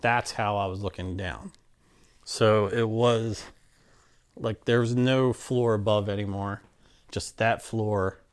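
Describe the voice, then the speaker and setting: A man telling a personal story in a casual, animated way, with many fillers and restarts and acted-out quotes. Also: lowish voice, slow, smooth. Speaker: interviewee telling his story.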